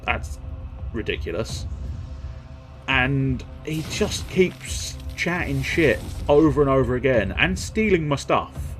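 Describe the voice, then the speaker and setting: A man's voice: medium pitch, very animated, slow pace, faint music behind. A man streaming a video game, rambling casually with jokes and a self-deprecating streak. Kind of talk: casual gameplay commentary.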